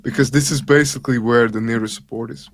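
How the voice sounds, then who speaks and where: Measured man explaining price levels. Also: mid-range voice, fairly even intonation, a little hiss or hum. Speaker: guest analyst. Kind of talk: casual market talk.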